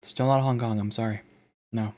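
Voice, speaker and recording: A man's voice: medium pitch, fairly even intonation, moderate pace, darkish tone. A male streamer in casual chat, exasperated and self-mocking as he repeats the same command over and over.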